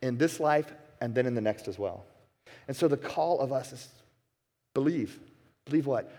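A man preaching a sermon as a pastor, passionate, dropping to a hush and then rising to emphatic peaks. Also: medium pitch, animated, normal speed. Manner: impassioned, swings from hushed to emphatic. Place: church sanctuary. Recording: long reverb of a church hall.

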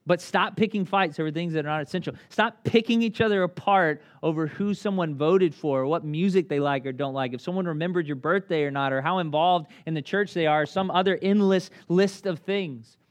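A man in his thirties preaching a sermon as a pastor, conversational and animated, with acted asides. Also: fairly high pitch, brisk, hardly any pauses.

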